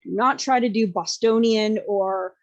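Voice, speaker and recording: A woman's voice: medium pitch, unhurried. Chatty Southern American woman. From Southern United States. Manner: chatty and opinionated, laughs often. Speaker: podcast host. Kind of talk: casual chat.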